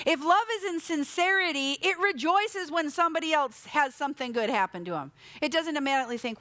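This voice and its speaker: A high-pitched, middle-aged woman delivers a church sermon in a chatty, storytelling way. She keeps asking the congregation questions, and her voice sounds close and dry, with no room echo. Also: fast, a bit bright. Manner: conversational, with rhetorical questions and personal stories. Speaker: pastor. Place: church sanctuary.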